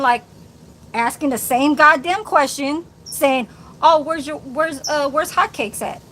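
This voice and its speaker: A woman's voice: sits high, pushed and bright, slight background noise. A woman ranting angrily on her live stream, cursing and calling out someone directly. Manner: profane, combative, addresses viewer directly. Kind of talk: angry live-stream rant.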